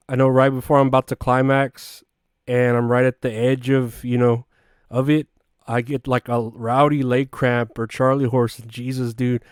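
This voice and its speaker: A man's voice: medium pitch, darkish tone, clean tone, no echo, clean studio sound. A man hosting a solo comedy podcast, rambling through crude, offhand jokes. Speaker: podcast host.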